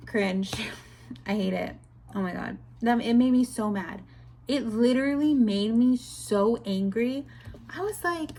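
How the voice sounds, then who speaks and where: A young woman chatting casually in a book review vlog, retelling scenes with animated, exasperated commentary. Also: a little high, slow. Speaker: book vlogger.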